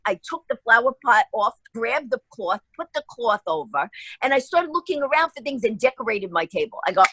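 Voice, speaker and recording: A woman from New York tells stories as a radio guest, her voice sitting a little high and jumping into the voices of everyone in the tale. The sound is dry and close. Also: a bit bright, slightly rough, no room sound, low-quality recording. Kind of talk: animated storytelling in a radio interview.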